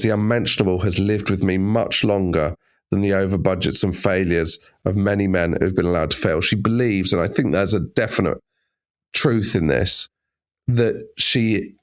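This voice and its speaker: A man co-hosting a podcast, chatting in a wry, joking way and swearing freely. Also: low-pitched. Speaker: podcast co-host. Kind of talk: casual comedic chat.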